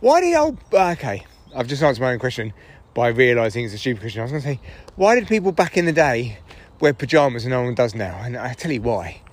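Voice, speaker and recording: A man's voice: mid-range voice, very animated, fast talker. A man, a comedian, rambling through a casual solo podcast while walking his dogs in the woods. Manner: chatty, rambling, swears freely.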